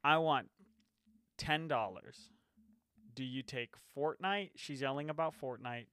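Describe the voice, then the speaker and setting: A young man co-hosting a podcast, casual and teasing, animated and quick to laugh, on a close microphone. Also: mid-range voice, clear, resonant tone, no room sound. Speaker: podcast co-host. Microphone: close podcast mic.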